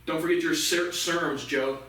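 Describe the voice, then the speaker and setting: A man's voice: on the high side, fairly even intonation, normal speed, bright, forceful tone. A man hosting a casual news commentary, ranting sarcastically and swearing a lot. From United States. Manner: profane, sarcastic ranting with laughs. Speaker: commentary show host. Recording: echoey room, mic far off.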